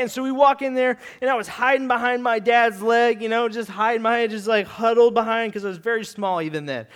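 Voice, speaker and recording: A man preaching a sermon, telling a childhood story with lively, acted-out quotes and earnest appeals to the congregation. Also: sits high, fast. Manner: animated storytelling, acting out quotes, shouting at peaks.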